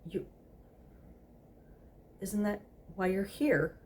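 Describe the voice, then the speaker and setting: A woman's voice: medium pitch, expressive, very slow, slight background noise, voice pushed up. A woman voicing a flustered, prim male angel who is fussy and easily offended, with a huffy, fluttery way of speaking.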